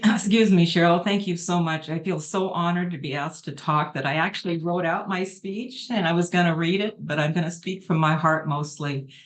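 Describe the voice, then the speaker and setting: A middle-aged woman giving an emotional, earnest testimonial on a video call, speaking from the heart and rambling a little. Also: on the low side.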